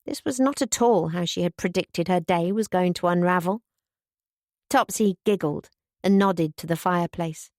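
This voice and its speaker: A woman reading a novel aloud as an audiobook narrator, in an even, gentle storytelling manner. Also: fairly low pitch, dry recording, studio quality. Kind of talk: scripted narration.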